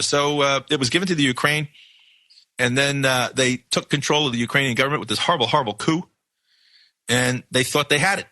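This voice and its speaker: A man's voice: mid-range voice, bright, forceful tone, no echo. A man from New York hosting a radio news show, talking in an emphatic, rambling monologue with many restarts. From New York, USA.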